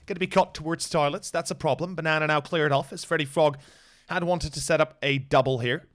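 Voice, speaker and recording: A young Slovenian esports caster with a Slovenian accent gives solo play-by-play in English as a non-native speaker, steady in tone and a little fast. His pitch and volume rise sharply during action, and he chats with viewers between plays.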